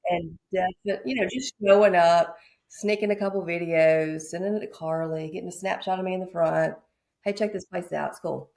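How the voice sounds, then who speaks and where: A woman realtor from Mississippi telling a lively story on a podcast, acting out the people she quotes. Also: on the low side, normal speed, vocal fry. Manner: animated, acts out quoted voices. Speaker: realtor guest.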